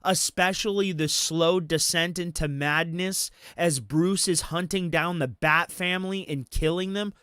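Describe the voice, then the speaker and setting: A man's voice: on the high side, unhurried, hardly any pauses, sharp tone, smooth, dry recording, clean studio sound. A man ranting about movies on a casual commentary stream, swearing freely. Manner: profane, ranting.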